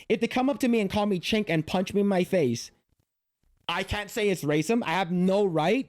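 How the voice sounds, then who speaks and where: A man's voice: high-pitched, moderate pace, no room sound, studio quality. Exasperated, foul-mouthed reactor man. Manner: profane, exasperated, repeats himself. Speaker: livestream reactor. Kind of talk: casual reaction commentary.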